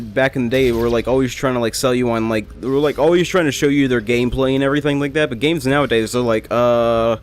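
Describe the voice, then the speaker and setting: A young male let's play gamer rambles and jokes through casual gameplay commentary, frequently correcting himself mid-sentence. His voice is mid-range, with a little hiss or hum in the recording.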